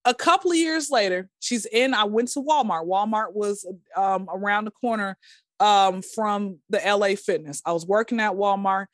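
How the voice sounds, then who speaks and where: A woman, a podcast guest, telling stories in a casual, animated way and acting out quotes in a high voice. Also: normal speed, no room sound, clean studio sound. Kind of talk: casual storytelling chat.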